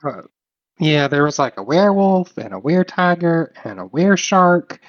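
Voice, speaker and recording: A man's voice: fairly high pitch, very animated, unhurried, dry recording, highs cut off. Man, tabletop player, casual rambling talk, dry close mic. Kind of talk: casual in-character play.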